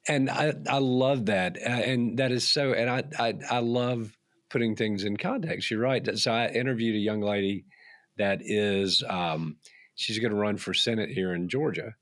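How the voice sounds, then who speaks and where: Friendly podcast host. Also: male voice, on the low side, normal speed, fairly bright tone, no room sound. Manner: friendly, rambling with restarts and laughs. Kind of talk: casual conversation.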